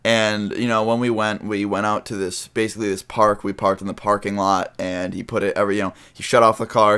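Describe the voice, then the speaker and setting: A young man telling a story straight to his viewers, rambling along with lots of filler words. His voice sits a little low. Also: a bit bright, clear, resonant tone. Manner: rambling, full of "you know" and "I mean". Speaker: vlogger. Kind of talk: casual storytelling to camera.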